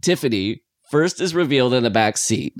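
Excitable man recapping a movie. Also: normal speed, no room sound, clean studio sound. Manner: excitable, animated rambling with pitch jumps. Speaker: podcast co-host. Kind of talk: casual film review chat.

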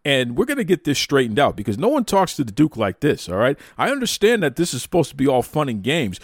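A man hosting his own show, bouncing through jokey, mock-indignant banter. His pitch swings widely as he talks, and the sound is close and dry, with no room around it. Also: fairly quick, few pauses, slightly rough, dry recording. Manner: animated, mock-outraged banter. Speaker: podcast host. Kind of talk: casual chat.

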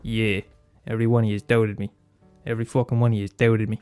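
A man's voice: fairly low pitch, little pitch movement, a little fast, hardly any pauses, darkish tone, clean tone, soft background music. An Irish man hosting a solo comedy podcast, blunt and sweary, mocking himself and repeating lines for effect. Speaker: podcast host.

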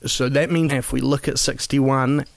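A man's voice: mid-range voice, fairly even intonation, normal speed, creaky, dry recording. Wry rambling man, dry sound. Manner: rambling, wry, self-deprecating. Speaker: podcast co-host. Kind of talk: casual film-ranking chat.

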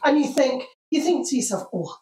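An older woman from the north of England tells stories with dry, teasing humour. Her pitch is slightly high and swoops a lot as she talks slowly. The sound is roomy and echoey. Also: very animated. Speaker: guest, host's mother. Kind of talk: casual chat. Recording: roomy echo.

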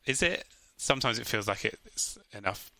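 Teasing podcast host, bright. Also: male voice, on the low side, expressive, moderate pace, dry recording. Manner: dry, teasing banter. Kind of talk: casual podcast chat.

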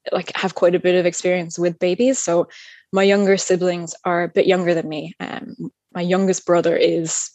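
A woman's voice: lowish voice, flat delivery, moderate pace, darkish tone, no echo. A woman telling her birth story as an interview guest, candid and rambling, with plenty of fillers and laughs. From United States. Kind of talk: casual chat.

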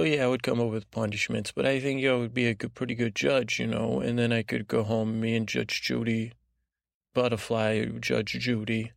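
A man voicing a grumpy, cynical male butterfly who rambles along in halting, grumbling sentences full of fillers for a sleep podcast. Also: mid-range voice, gravelly, no room sound, studio quality, close to an everyday voice. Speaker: podcast host. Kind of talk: sleep podcast character monologue.

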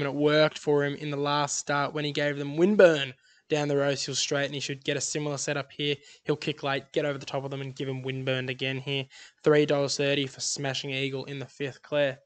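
Upbeat man tipping races. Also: a little high. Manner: upbeat, rattles off odds and form. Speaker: podcast co-host tipping horse races. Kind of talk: casual racing tips chat.

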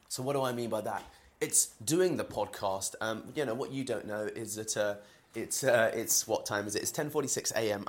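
A man's voice: on the low side, a bit bright. A man from London with a London accent, talking through a casual solo podcast in a home, rambling with many fillers and restarts. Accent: London English. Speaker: podcast host. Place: indoors in a home kitchen while boiling eggs.

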